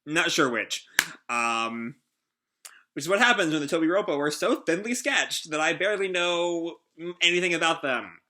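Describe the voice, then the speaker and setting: Man hosting a casual reaction, rambling and hesitant, lively pitch, very bright voice. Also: normal speed. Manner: rambling, hesitant, many fillers. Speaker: host.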